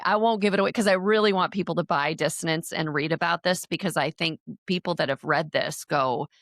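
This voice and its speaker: A woman recounts her own story in an earnest, halting way, often stopping and restarting her sentences. Her voice sits fairly low for a woman. The sound is dry and close, with no room echo. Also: a bit bright. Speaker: interview guest. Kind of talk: personal storytelling.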